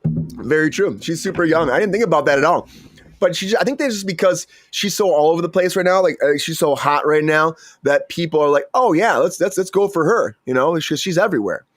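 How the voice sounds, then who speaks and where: A man hosting a casual entertainment news show, talking in a rambling way that is full of stammers and restarts. His voice sits fairly high, and the sound is dry and close with no room around it. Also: brisk, dry recording, faint music behind. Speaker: show host.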